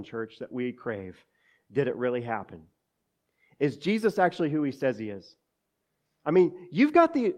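A man preaching a sermon, talking to the congregation as church and dropping joking asides between scripture readings. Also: a little high. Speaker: pastor.

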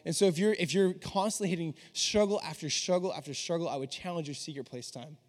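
A man's voice: on the high side, quick pace. A young man giving a sermon in an earnest, conversational way, slipping into quoted dialogue. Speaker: preacher. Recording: long reverb of a large hall.

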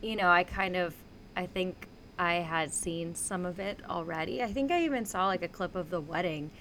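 A woman's voice: fairly low pitch, normal speed, fairly bright tone, a little hiss or hum. A woman co-hosting a podcast, telling stories casually in a rambling, hedging way. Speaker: podcast co-host. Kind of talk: casual chat.

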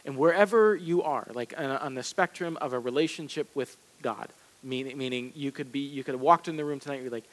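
A man preaching a sermon in a relaxed, conversational way, with self-deprecating asides and emphatic repetition. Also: medium pitch, normal speed, poor audio. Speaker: pastor. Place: church sanctuary.

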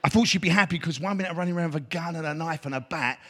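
A man's voice: fairly high pitch, racing, a bit bright. A middle-aged man giving his testimony as an evangelist, emphatic and preacherly. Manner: emphatic, preacherly, rising to exclamations. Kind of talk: spoken testimony.

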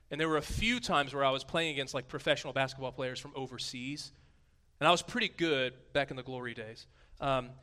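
A pastor in his thirties delivers a sermon in a conversational, playful way. His voice swings from hushed tones to booming emphasis.

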